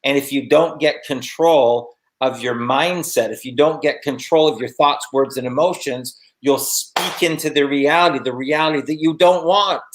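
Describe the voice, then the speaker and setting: A man's voice: medium pitch, moderate pace, hardly any pauses, slight background noise. A man hosting a motivational interview as a business coach, emphatic and fond of repeating words for effect.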